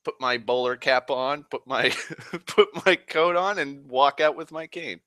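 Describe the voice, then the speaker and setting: Bright, rambling, profane man from Massachusetts. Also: mid-range voice, unhurried, no echo. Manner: profane, rambling, self-mocking. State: drinking whiskey, tipsy. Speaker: livestream host. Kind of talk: rambling casual monologue.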